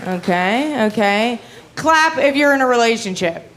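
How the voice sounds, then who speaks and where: A young woman working a comedy club crowd with a high, bright voice. Her delivery is brash and foul-mouthed. She keeps laughing at her own jokes into a handheld stage mic. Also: lively intonation, measured pace, background noise. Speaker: stand-up comedian. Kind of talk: stand-up comedy set. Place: comedy club stage before a live audience.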